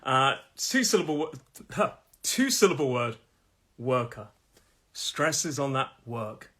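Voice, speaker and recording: A middle-aged man from England, a pronunciation teacher in a live lesson, chatty and repeating words slowly as his voice starts to go. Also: medium pitch, sing-song, fairly bright tone. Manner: chatty, repeats each word slowly, laughs at own jokes. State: losing his voice.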